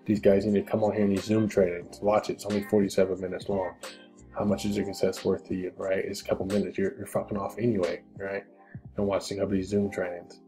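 A man's voice: low-pitched, little pitch movement, fast talker, mellow, faint music behind. A man hosting a casual question-and-answer stream, talking bluntly with profanity and pep-talk encouragement. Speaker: crypto channel host. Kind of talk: casual Q&A livestream.

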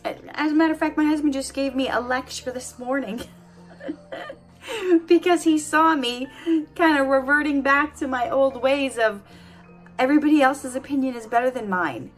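A woman with a bright, high voice talks earnestly to her camera at home, offering motivational life advice. She is animated and laughs easily, and faint music sits under her voice. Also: moderate pace. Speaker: vlogger giving life advice. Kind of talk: casual motivational talk to camera.

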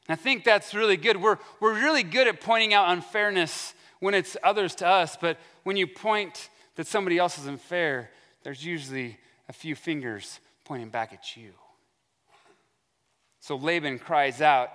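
Male pastor, chatty preaching style, bright forceful tone, recorded in a reverberant sanctuary. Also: sits high, moderate pace. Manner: conversational, acts out quoted voices. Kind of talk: sermon. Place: church sanctuary. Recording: long church hall reverb.

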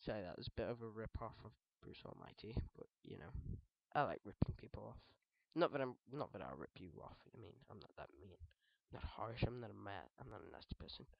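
A man's voice: lowish voice, expressive, quick pace, creaky, hardly any pauses, no room sound. A British teenage boy rambling through casual, jokey let's-play commentary, often correcting himself mid-sentence. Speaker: gaming video host. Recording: dull dry lo-fi mic.

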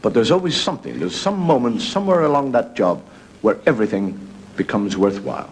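A man's voice: medium pitch, lively intonation, brisk. A middle-aged Irish comedian telling stories in a droll way, acting out the characters in his jokes. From Ireland. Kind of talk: stand-up storytelling. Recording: noisy broadcast recording.

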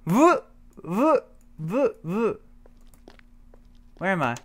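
A man's voice: high-pitched, sing-song, drawn-out words, fairly bright tone. A man commenting on a video game as he plays, talking to himself, swearing and yelping when startled. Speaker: gameplay commentator. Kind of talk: let's play commentary.

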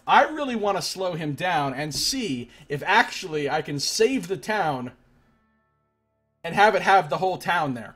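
Husky-voiced man doing game commentary. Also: sits high, fairly bright tone. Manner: chatty and self-deprecating, greets chat viewers. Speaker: Let's Play streamer. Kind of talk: casual game commentary, reading game text aloud.

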